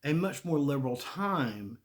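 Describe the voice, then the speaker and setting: Southern man, 40s, profane storyteller with a lively voice and lots of restarts. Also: fairly high pitch, measured pace. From Charlotte, North Carolina. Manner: profane, rambling, frequent restarts and laughter. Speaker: podcast host. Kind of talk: casual rambling monologue.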